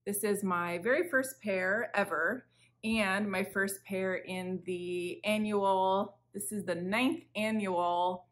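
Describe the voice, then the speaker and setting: Her voice is medium in pitch with a fairly bright tone, a bit sick as she recovers from illness. The woman hosts a crafting podcast at home, chatting casually, rambling a little and cutting herself off mid-thought, all captured on a video-podcast camera.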